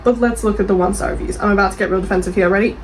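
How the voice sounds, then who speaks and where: An animated Australian woman in casual chat, her voice sitting at an ordinary middle pitch. She reacts quickly and defensively and swears without hesitation. A faint hiss sits under the voice. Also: poor audio. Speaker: book reviewer and author. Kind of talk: casual chat reading reviews aloud.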